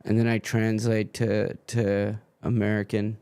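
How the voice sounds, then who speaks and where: Slow-talking, grumbling watchalong host. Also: male voice, on the low side, monotone, a little mellow, clean tone. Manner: swearing, grumbling over a freezing stream. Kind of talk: live-stream commentary.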